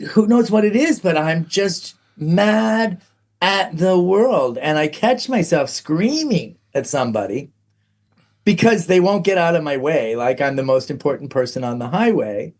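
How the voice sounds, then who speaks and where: A man's voice: fairly high pitch, animated, measured pace, darkish tone. A middle-aged man, a podcast guest, telling a personal story candidly, frank and self-mocking, with plenty of "um"s.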